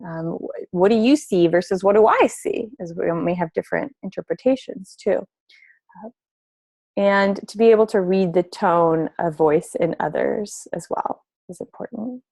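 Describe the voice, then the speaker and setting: Gentle woman therapist giving a webinar. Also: lowish voice, moderate pace, no echo. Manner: gentle, explanatory, acts out example dialogues with children. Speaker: family therapist presenting a webinar. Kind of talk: spoken webinar presentation.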